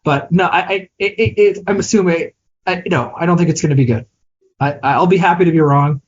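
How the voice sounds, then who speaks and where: A man's voice: a little high, brisk. Hesitant man with dull, lo-fi sound. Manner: hesitant, self-deprecating, restarts often. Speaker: podcast co-host. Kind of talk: casual film chat.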